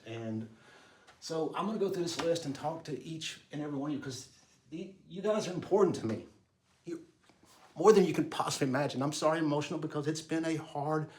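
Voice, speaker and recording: A middle-aged man who owns a construction company, talking earnestly and with feeling to his workers in a casual, unscripted way full of fillers and restarts. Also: medium pitch. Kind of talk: casual talk to the crew, filmed by himself.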